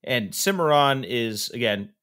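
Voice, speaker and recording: A man talks casually as a podcast co-host, his voice bright and a touch sharp. His pitch leaps up and down as he gets animated. He often laughs and puts on raised voices to quote characters. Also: unhurried. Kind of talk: casual chat.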